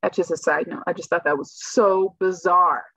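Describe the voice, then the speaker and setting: A woman's voice: on the low side, steady tone, moderate pace, pushed and bright, dry recording. A woman telling a personal story in casual, rambling speech, full of "like" fillers, on a slightly muffled recording. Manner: rambling, heavy use of "like" fillers. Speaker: guest telling her story.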